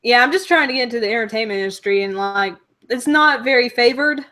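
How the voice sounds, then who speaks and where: Bright-voiced young Southern woman host. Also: fairly high pitch, fast talker. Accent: Southern US, Alabama. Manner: chatty, frequent "like" fillers. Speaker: host of a live web show. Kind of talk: casual chat, reading viewer comments.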